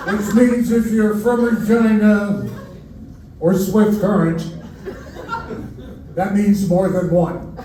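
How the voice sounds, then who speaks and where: A man's voice: high voice, flat delivery, slow pace, long pauses. An older man doing a stand-up comedy set in a club, with wry, self-mocking punchlines. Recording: roomy club audio from far off. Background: laughing crowd.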